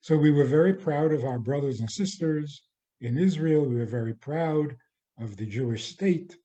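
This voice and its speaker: A man, a rabbi, giving a spoken lecture in a measured way, often restarting and repeating phrases. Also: a little high, warm tone, dull audio.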